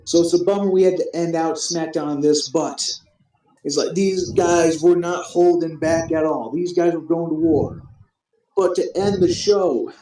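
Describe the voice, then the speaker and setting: A man with a slightly high but mellow voice rambles through a casual recap, starting his sentences over and swearing freely. The room around him echoes. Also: fairly even intonation, a little slow. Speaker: host recapping a simulated wrestling show. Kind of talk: casual profane recap chat.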